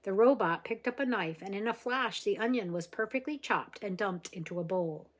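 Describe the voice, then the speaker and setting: A woman reading a children's novel aloud, expressive and gentle, with small slips here and there. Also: medium pitch, moderate pace. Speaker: reader.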